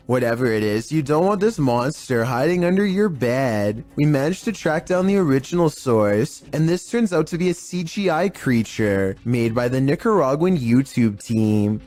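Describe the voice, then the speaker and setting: A man giving scripted narration of eerie video clips in a measured, even storytelling delivery. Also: mid-range voice. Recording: faint music bed under voice.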